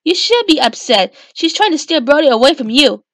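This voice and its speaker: A woman's voice: high voice, big pitch swings, fairly quick, fairly bright tone, no room sound, clean studio sound. A woman reading a pushy scheming teen girl. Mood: accusing. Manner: accusing, harsh.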